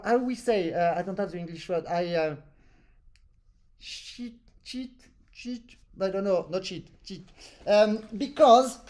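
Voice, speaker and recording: Playful accordion teacher. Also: male voice, high voice, a little mellow. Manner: playful, teasing, sings phrases aloud. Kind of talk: live online lesson chat.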